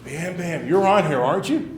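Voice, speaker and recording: A man's voice: a little high, animated, far from the mic, a crowd in the background. Upbeat man leading a workshop, echoey room. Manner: upbeat, brisk roll call. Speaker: workshop leader. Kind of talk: classroom workshop talk.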